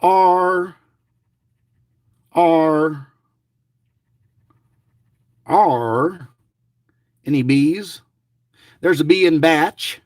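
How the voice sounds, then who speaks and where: A man's voice: fairly high pitch, very slow, pauses often, darkish tone, dry recording, clean studio sound. A middle-aged man giving chatty, rambling running commentary to his viewers, grumbling and joking as he goes. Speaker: lottery scratch-off vlogger.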